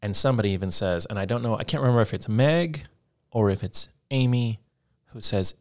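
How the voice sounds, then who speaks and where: Earnest man podcaster, lowish voice. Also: a little fast. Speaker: podcast co-host. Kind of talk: casual chat.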